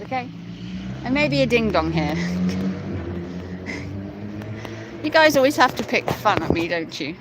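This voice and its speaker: A woman's voice: medium pitch, expressive, slow, pauses often, background noise. A British woman hosting a casual livestream outdoors on her phone. She giggles, teases her viewers and swears casually. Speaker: livestream host. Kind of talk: casual live chat with viewers. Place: outdoors at night near a hotel and graveyard.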